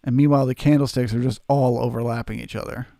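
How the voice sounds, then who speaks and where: A man's voice: mid-range voice, steady tone, fast talker, creaky, warm tone, no room sound, clean studio sound. A man hosting a live trading stream, answering chat and coaching viewers in an earnest, emphatic way. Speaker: trading livestream host.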